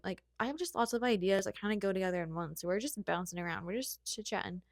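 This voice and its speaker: A woman's voice: medium pitch, a little mellow, dry recording, clean studio sound. A young woman hosting a podcast, chatting casually about motherhood in a rambling, heartfelt way. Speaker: podcast host. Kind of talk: casual solo chat.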